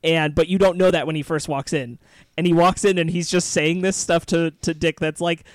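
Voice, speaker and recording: A man's voice: fairly high pitch, fairly even intonation, normal speed, no echo. A man co-hosting a casual podcast chat, enthusiastic, laughing often and restarting his sentences. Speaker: podcast co-host.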